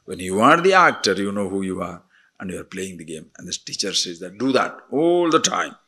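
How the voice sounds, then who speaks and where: An older man giving a spiritual discourse, animated, moving between emphatic declarations and soft murmured asides. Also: deep voice, brisk, husky. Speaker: spiritual teacher.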